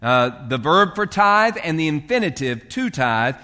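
A man's voice: a little high, very animated, a little slow, bright, forceful tone, big-room sound. A male pastor preaching a sermon in a loose, conversational way, with fillers and restarts as he reads and explains scripture.

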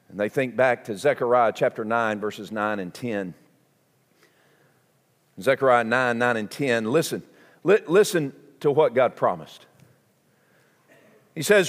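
A man's voice: mid-range voice, unhurried, long pauses. A man with a Southern US accent preaching an impassioned sermon, emphatic and repetitive. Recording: long hall reverb.

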